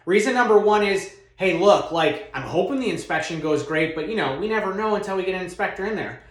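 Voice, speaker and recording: A man's voice: high voice, fast talker, reverberant. A man, a real estate broker, teaching cold calling in a confident, casual way and acting out phone scripts. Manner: energetic, confident, casual with many fillers. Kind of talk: instructional talk with acted phone scripts.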